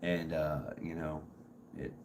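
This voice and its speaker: A middle-aged man with a strained, hoarse voice, hosting a casual live stream and rambling, halting as he greets viewers by name. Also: extremely low pitch, completely flat delivery, a little mellow, a little hiss or hum. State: strained voice from dusty work.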